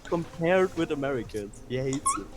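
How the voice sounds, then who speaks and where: A man's voice: a little high, lively intonation, normal speed, over music. A man in casual group chat, making short, dry remarks.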